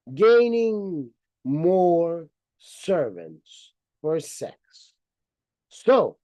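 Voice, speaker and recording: A man with a high voice and a slow, drawn-out delivery gives a mocking, lecture-style commentary. He retells the story theatrically and is heavy on sarcasm. The recording is dry and a little dull and lo-fi. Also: a little mellow, no room sound. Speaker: commentator on religious history.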